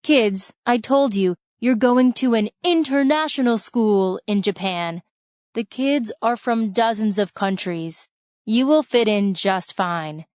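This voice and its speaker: A woman reading the lines of a father who reassures his children, speaking slowly and with emphasis. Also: mid-range voice, darkish tone, no room sound, close to an everyday voice. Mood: reassuring.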